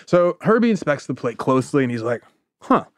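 A man in a mid-range voice tells a story in a relaxed podcast chat. He keeps the energy up and slips into quick impressions of the characters. The sound is close and dry, with no room around it. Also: medium pitch, dry recording. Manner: animated, acts out quotes. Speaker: podcast host.

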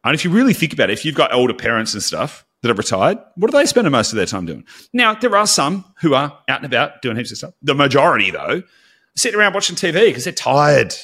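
A man's voice: mid-range voice, wildly swooping pitch, quick pace, bright, forceful tone, slightly rough. A man co-hosting a podcast in casual chat, candid and blunt, with casual swearing. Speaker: podcast co-host.

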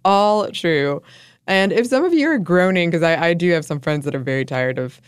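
A woman's voice: on the low side, expressive, moderate pace, smooth, no room sound, clean studio sound. A woman co-hosting a podcast in casual chat, talking with frequent laughs and fillers. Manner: chatty, laughs often, many fillers. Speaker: podcast co-host.

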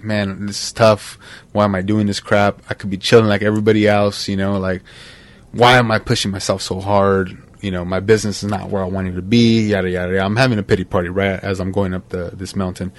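A podcast host with a lowish voice talks in a casual, heartfelt, animated way. He drops "man" and "bro" constantly.

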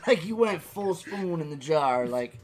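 A young man from Connecticut co-hosting a casual chat, blunt and joking and swearing freely. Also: high-pitched. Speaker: podcast co-host.

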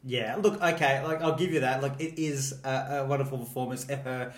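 A man's voice: mid-range voice, normal speed. A man co-hosting a podcast, talking in an enthusiastic, gushing way and laughing often. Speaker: podcast co-host. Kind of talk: casual chat. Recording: roomy echoey room.

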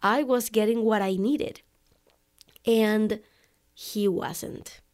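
A woman's voice: medium pitch, fairly even intonation, extremely slow, darkish tone. A woman podcast host talking to her listeners in a casual, conversational way, often adding "right?" and "you know" as she recounts a personal story. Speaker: podcast host for online coaches.

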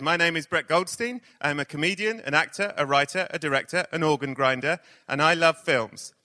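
A man's voice: fairly high pitch, fairly quick, few pauses, sharp tone, faint music behind. A man hosting a podcast live on stage in front of an audience, with playful, joking introductions. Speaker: podcast host. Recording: reverberant live theatre sound.

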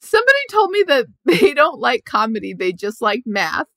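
A woman's voice: on the high side, very animated, normal speed, fairly bright tone, no room sound, clean studio sound. A young adult woman comedian chatting as a guest on a podcast, laughing often and rambling in a self-mocking way. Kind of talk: casual podcast chat.

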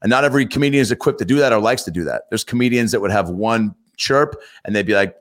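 A man's voice: lowish voice, fast talker. A man, a comedian and actor, telling stories as a guest in a casual interview, acting out what people said. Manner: animated storyteller, acts out quotes.

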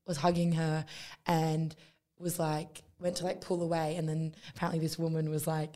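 Chatty woman, low voice. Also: moderate pace. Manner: chatty, lots of "like" fillers and restarts; animated storytelling, acts out quotes. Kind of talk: casual chat.

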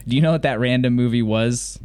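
A fast-talking man with a medium-pitched, clear, resonant and slightly mellow voice co-hosts a podcast. He grew up in Mississippi but now sounds mostly general American, with little Southern accent left, and he recaps a TV episode casually, rambling and enthusiastic.

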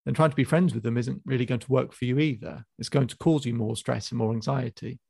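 A man coaching a client in a calm, probing session over a call, with frequent restarts. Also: medium pitch, fast, vocal fry, slightly rough, dry recording. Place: video call.

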